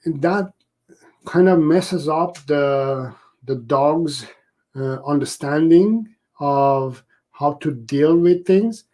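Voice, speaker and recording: Male dog trainer on a live stream; slightly higher voice, unhurried delivery, careful explanations with frequent restarts. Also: warm tone, rough recording.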